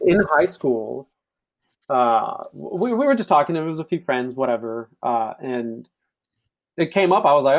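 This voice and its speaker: A man's voice: mid-range voice, normal speed. A young man from Africa, a podcast guest, chatting casually and telling stories while acting out quoted voices. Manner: animated storyteller, acts out quoted voices. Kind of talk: casual chat.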